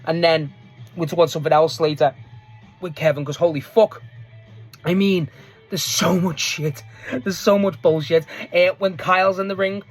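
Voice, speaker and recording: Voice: mid-range voice, fairly even intonation, normal speed, pauses often, faint music behind. A speaker giving a casual, rambling recap of a wrestling match. They swear freely, laugh often and restart sentences a lot. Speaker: wrestling show reviewer.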